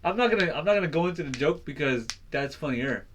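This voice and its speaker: Man, slightly high voice, podcast co-host, rambling storyteller who laughs a lot. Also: animated, fast talker, a bit bright, a little hiss or hum. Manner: rambling, laughs often, acts out dialogue. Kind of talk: casual chat and storytelling.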